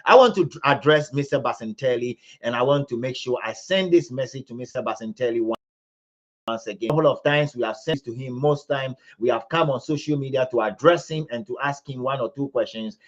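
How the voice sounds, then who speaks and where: A Ghanaian man hosts a live commentary stream in a mid-pitched voice. He loops back on his words with stammered restarts and presses hard on points that outrage him. The audio is slightly dull and lo-fi. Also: brisk. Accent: Ghanaian English. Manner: repetitive, stammering restarts, rising to indignant emphasis. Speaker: livestream host.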